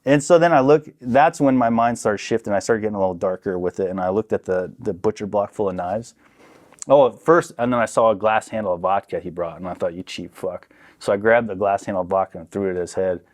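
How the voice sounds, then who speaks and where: A young man telling a story on a podcast in a casual, profane, animated way, acting out what people said. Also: lowish voice, quick pace. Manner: profane, animated, acts out quotes. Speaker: podcast guest.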